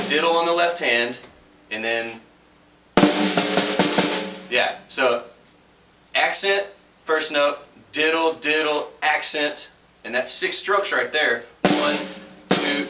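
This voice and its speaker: A young man teaching a casual drum lesson in a loose, chatty way, with fillers and restarts. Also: mid-range voice. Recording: roomy echo, distant mic, noisy.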